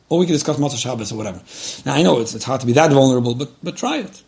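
A man delivers an earnest religious lecture at a quick clip. His voice carries a gravelly, creaky edge, and he speaks frankly and directly, circling back to repeat his key points. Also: fairly high pitch, animated, darkish tone. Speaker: religious lecturer giving a shiur. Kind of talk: earnest spoken advice lecture.

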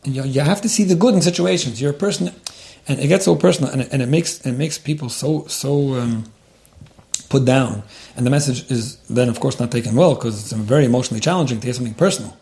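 A man's voice: medium pitch, quick pace, creaky, mellow. A man giving earnest relationship advice in response to a letter, often repeating words and using Yiddish terms. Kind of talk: advice talk.

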